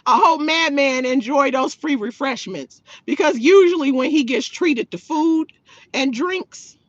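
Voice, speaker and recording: A woman's voice: high-pitched, expressive, measured pace, dry recording, highs cut off. A woman hosting a livestream in a sassy, mocking way, talking to her chat. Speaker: livestream host. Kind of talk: livestream chat reacting to viewers.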